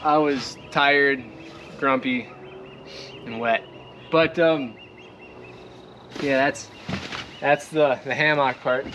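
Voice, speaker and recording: Pausing often and speaking slowly, a young man with a Midwestern accent, likely from Minnesota, shows his boat setup in a casual vlog. His mid-range voice is fairly bright with fairly even intonation, and he rambles, uses many fillers, and laughs often. Outdoors, background noise is clear, and he moves nearer and farther from the camera on the boat.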